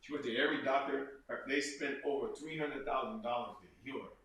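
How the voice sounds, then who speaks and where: Ernsthafter Mann, hallender Raum. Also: male voice, medium pitch, fairly quick, fairly bright tone. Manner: earnest, repeats phrases, acts out quotes. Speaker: interview guest. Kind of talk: casual interview talk. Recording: echoey room from far off.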